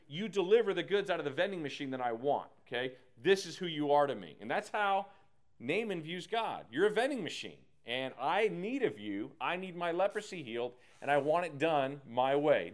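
A man leading a casual Bible study, animated and slangy, acting out the characters as he teaches. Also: on the high side. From United States.

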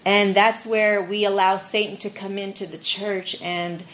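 A woman on a faith discussion panel, telling animated personal stories in a casual way. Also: medium pitch, a little slow, rough recording. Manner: animated storyteller, acts out quoted voices.

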